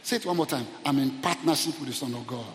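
A man preaching a fervent sermon in a church auditorium, calling out to the congregation and rising to shouted peaks. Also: medium pitch, fast, long reverb tail, a little hiss or hum. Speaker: pastor.

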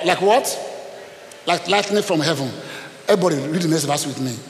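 A man's voice: on the high side, fairly quick, long pauses. A middle-aged man preaching to a congregation, calling for responses and telling stories. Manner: call-and-response preaching, storytelling. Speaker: pastor. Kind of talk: sermon. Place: church hall. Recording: echoey hall with hiss.

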